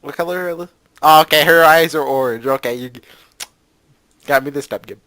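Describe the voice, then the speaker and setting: A man's voice: fairly high pitch, a little fast, sharp tone, no echo. A man hosting a let's play, reading a visual novel aloud and breaking off for sarcastic, jokey asides. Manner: sarcastic, jokey asides between read lines.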